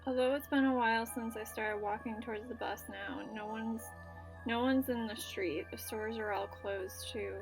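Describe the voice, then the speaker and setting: A woman's voice: fairly high pitch, fairly even intonation, moderate pace, gravelly, over music. A woman playing a story game, reading its narration aloud and reacting casually, with filler words and swearing. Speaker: let's play gamer.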